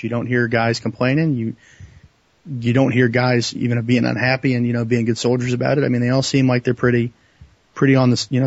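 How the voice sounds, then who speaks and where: A man talking as a podcast guest in casual chat, halting and restarting his sentences often. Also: medium pitch, dry recording, dull audio.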